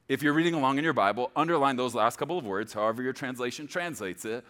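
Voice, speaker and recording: A male preacher delivers a sermon with a bright, forward voice that swings widely up and down in pitch. He rushes some phrases and draws others out slowly for emphasis, and keeps checking in with the congregation. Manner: animated, emphatic, speeds up and slows down for stress; checks in with the congregation, repeating "okay?". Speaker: pastor.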